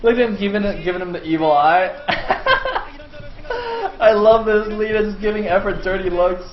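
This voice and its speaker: A man casting a video game match live, excitable and swearing freely, breaking into laughing shouts. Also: sits high, fast. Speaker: esports caster. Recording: echoey room, dull lo-fi sound.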